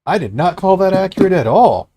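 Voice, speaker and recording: A man from Michigan, co-hosting a casual voice-chat podcast and telling stories in an animated, profane way. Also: sits high, fairly quick, a little hiss or hum. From Michigan, United States. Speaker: podcast co-host.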